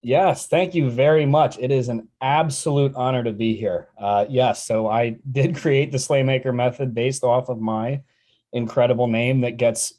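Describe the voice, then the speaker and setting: Male guest, mellow storyteller, earnest, voices his quotes. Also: mid-range voice, fairly even intonation, normal speed. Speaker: sales trainer, guest. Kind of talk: telling a personal story in an interview.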